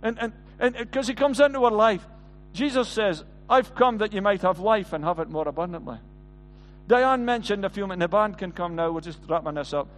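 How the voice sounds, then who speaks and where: High-voiced man preaching over band music. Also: normal speed, in a large hall. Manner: earnest preaching with frequent stammered restarts. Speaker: pastor. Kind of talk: sermon.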